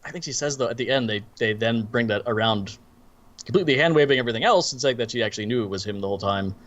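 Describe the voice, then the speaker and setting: A man co-hosting a casual movie review podcast, recounting scenes in an animated, storytelling way. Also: medium pitch, rapid-fire, muffled recording. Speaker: podcast co-host.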